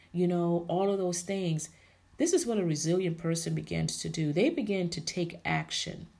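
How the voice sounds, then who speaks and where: A woman's voice: lowish voice, creaky, dark tone. A woman hosting a podcast, giving an emphatic, preachy faith-based motivational talk and calling her listeners ladies and honey. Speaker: podcast host.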